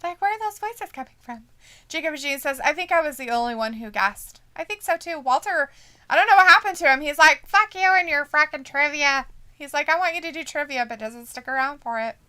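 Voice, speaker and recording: A woman's voice: high voice, lively intonation, a little fast, pushed and bright. A woman co-hosting a casual live watch-along stream, reading viewer comments aloud, laughing often and swearing casually. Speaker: stream co-host.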